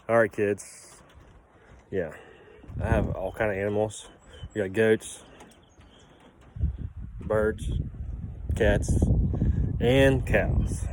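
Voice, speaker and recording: Chatty man vlogging outdoors. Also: fairly low pitch. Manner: chatty, playfully dramatic. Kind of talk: casual outdoor vlog. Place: outdoors on a snowy, windy farm. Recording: wind noise outdoors.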